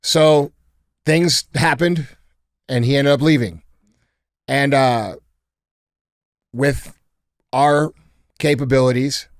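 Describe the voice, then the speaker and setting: A man hosting a podcast, telling a story in a blunt, profane, casual way. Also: medium pitch. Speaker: podcast host. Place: podcast studio.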